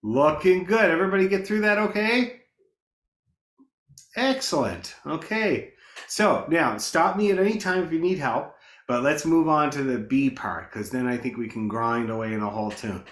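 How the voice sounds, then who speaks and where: A man's voice: fairly high pitch, expressive, normal speed, a bit bright, reverberant. A man teaching a beginner fiddle class online, encouraging students, counting them in and calling out the notes. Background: fiddle playing.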